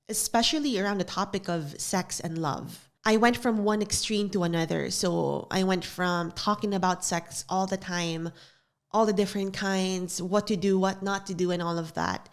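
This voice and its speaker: A young woman hosting a solo podcast in a studio, talking in an earnest, confessional way and repeating phrases for emphasis. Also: medium pitch. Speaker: podcast host. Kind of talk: reflective solo podcast talk.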